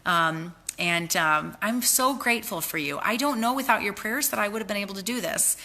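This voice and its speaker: A woman's voice: mid-range voice, normal speed, bright, forceful tone. A tired woman hosting a motivational livestream talk, speaking earnestly and with heartfelt, faith-filled encouragement to her team. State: tired from lack of sleep. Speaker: host, network marketing team leader.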